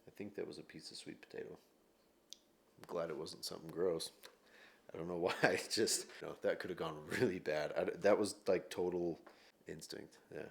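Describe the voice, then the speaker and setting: A man's voice: low-pitched, steady tone, moderate pace, gravelly. A young man in casual chat, an easygoing fitness vlogger who rambles a little and chuckles often while cooking at home.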